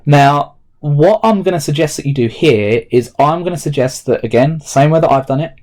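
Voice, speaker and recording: A man's voice: a little high, expressive, normal speed, a little mellow. A man, a history teacher recording a remote lesson and explaining each step aloud as he types notes.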